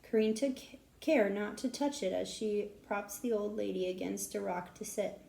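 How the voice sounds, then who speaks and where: A woman reads a children's storybook aloud, steady and expressive, in a gravelly, mellow voice. The recording has a roomy echo around her. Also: mid-range voice, moderate pace. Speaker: audiobook narrator. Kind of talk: storybook reading.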